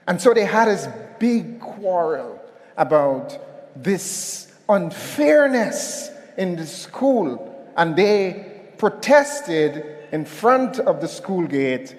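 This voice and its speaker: A man gives a motivational keynote in a hotel conference hall, speaking very slowly in a high-pitched voice. Animated and storytelling, he calls on the audience to respond, and the large hall colors his sound.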